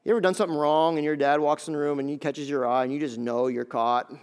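A man preaching a sermon, animated and conversational, acting out scenes and talking straight to his listeners. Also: on the high side, fast talker, clear, resonant tone. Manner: animated, acts out scenes in quoted voices; conversational, talks straight to the audience. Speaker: pastor.

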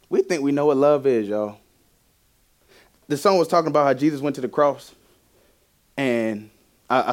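With a mid-range voice, a young man preaches a sermon that includes his own testimony. His delivery is animated and full of laughter, moving from loud passages to hushed ones.

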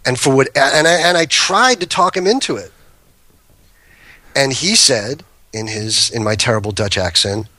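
A man's voice: mid-range voice, expressive, moderate pace, bright, forceful tone, no echo. A man guest on a podcast telling rambling anecdotes full of restarts and asides. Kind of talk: casual storytelling.

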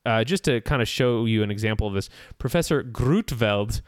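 A man hosting a podcast, explaining nutrition in a relaxed, steady way with casual fillers. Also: medium pitch, moderate pace, clear, resonant tone.

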